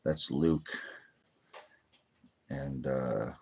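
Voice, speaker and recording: A man's voice: extremely low pitch, fairly even intonation, drawn-out words, creaky, darkish tone, husky. A man preaching casually on a livestream from his living room, rambling and unscripted. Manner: casual, rambling, breaks off to coax pets. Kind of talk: livestreamed sermon. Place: home living room by a fireplace. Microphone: streaming device.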